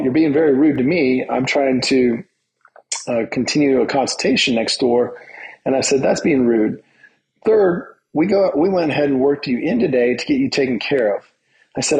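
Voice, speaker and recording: Man telling a story with animated flair. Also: mid-range voice, normal speed, low-quality recording. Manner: animated storyteller, acting out quoted dialogue. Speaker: dentist and podcast host. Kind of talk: casual storytelling monologue.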